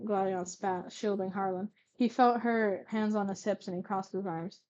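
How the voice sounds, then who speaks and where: A woman's voice: mid-range voice, fairly even intonation, normal speed, darkish tone, muffled recording. A young woman reading old fanfiction aloud, stumbling over words and breaking off for sarcastic asides. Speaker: reader.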